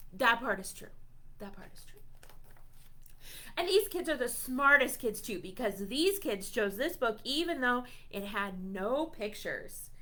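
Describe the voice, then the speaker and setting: A woman librarian with a high, bright, forceful voice reads a silly book aloud to young children. Her storytime reading is playful, peppered with mock-indignant reactions to the text.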